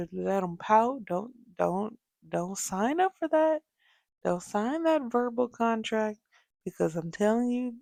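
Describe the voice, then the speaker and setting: A young adult woman hosting a casual podcast, telling parenting stories with lively asides. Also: mid-range voice, gravelly, dry recording, studio quality. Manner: animated storytelling, acts out quoted voices. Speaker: podcast host.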